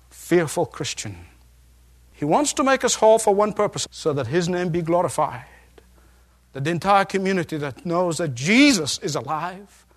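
A male pastor preaching a sermon, driving his points home with repeated questions and rising intensity. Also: a little high.

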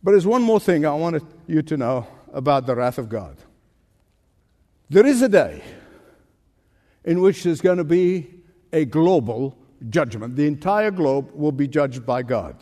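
A male pastor preaching with a high-pitched voice. He punches key phrases slowly and lets his pitch swing widely. His voice carries a long reverb from a large hall. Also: big pitch swings, dark tone. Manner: emphatic preaching with dramatic pitch swings and slow stressed phrases. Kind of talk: sermon.

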